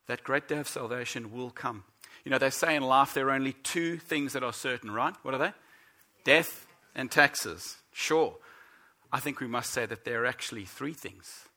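A man preaching a sermon as pastor, earnest and emphatic, slowing down to stress the scripture he quotes. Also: medium pitch, sharp tone.

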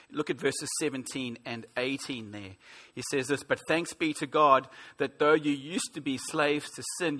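A man's voice: on the high side, bright, forceful tone. A man in his forties preaching a sermon, earnest and emphatic, with rhetorical questions. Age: 40s. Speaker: pastor.

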